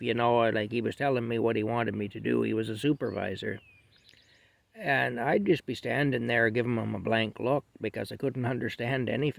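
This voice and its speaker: Gravelly middle-aged man telling a story. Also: medium pitch, no echo. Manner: rambling, self-deprecating, restarts often. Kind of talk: casual spoken storytelling.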